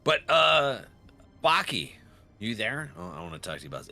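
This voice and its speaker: A young man casually chatting on a live game stream into a close microphone, excitable and jokey, laughing often and reading chat aloud. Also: mid-range voice, normal speed, soft background music. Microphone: close desk microphone.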